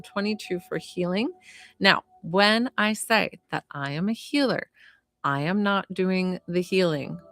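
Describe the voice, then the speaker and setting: A woman whose voice sits on the low side, with noticeable vocal fry, chats to live stream viewers as a psychic medium and healer. She's warm-hearted and rambling, leaning on lots of fillers. The recording is dry.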